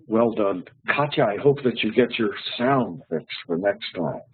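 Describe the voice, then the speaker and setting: A man's voice: fairly low pitch, expressive, unhurried, slight background noise. A man teaching an online English lesson, patient and friendly, often repeating his words. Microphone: online call. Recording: tinny phone-like online call.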